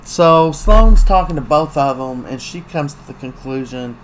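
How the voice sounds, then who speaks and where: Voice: medium pitch, animated, slight background noise, poor audio. A host casually recapping a week of a soap opera, talking in a chatty, gossipy way with lots of ums and uhs. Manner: chatty, gossipy storytelling with many fillers; acts out characters' lines in quick put-on voices.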